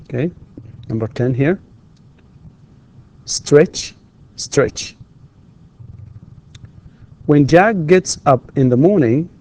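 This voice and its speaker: A male university lecturer, a native Arabic speaker, teaching English pronunciation slowly and deliberately, repeating words and pausing with fillers as he explains. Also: mid-range voice, a little mellow. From Saudi Arabia. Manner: hesitant, with frequent fillers and restarts when explaining. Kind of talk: recorded lecture.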